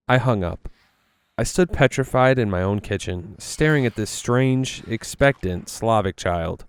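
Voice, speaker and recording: Low, smooth male story narrator. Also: no room sound. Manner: steady storytelling. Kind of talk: reading stories aloud while gaming.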